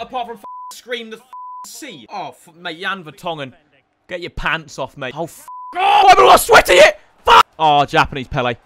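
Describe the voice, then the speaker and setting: A young man commentating on his own football video game, excitable and sweary, often shouting at the players. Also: high-pitched, noisy background. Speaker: gaming streamer. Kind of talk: live gameplay commentary.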